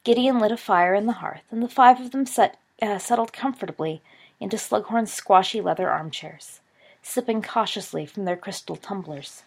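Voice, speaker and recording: A woman's voice: medium pitch, moderate pace, vocal fry. A woman reading a fan fiction story aloud as narrator.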